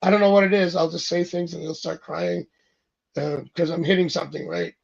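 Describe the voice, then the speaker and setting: Chatty male guest, high gravelly voice, rambling and acting out quoted lines. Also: fairly even intonation, fairly quick, dull audio. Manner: rambling, acts out quoted dialogue. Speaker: psychic tarot reader, guest. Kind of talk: casual interview chat.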